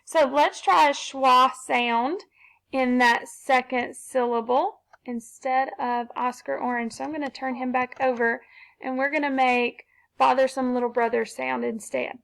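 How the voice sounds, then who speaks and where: A patient woman teacher guides young children through phonics, tapping out each sound before blending it into a word. Her voice sits high, with a gravelly edge to it, and she takes her time. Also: steady tone, fairly bright tone. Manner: slow, patient, sounding out syllables.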